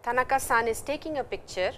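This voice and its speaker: A woman's voice: a little high, quick pace, a bit bright. A woman with an Indian English accent teaching a recorded Japanese language lecture, reading example sentences and explaining them in English.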